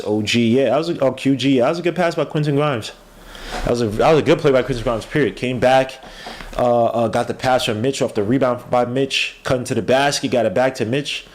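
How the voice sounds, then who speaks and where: A tired man hosting a podcast, giving casual live play-by-play commentary, excitable and yelling at plays. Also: medium pitch, a little hiss or hum. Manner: excitable, yells at plays, trails off mid-word. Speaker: podcast host doing a game watch-along.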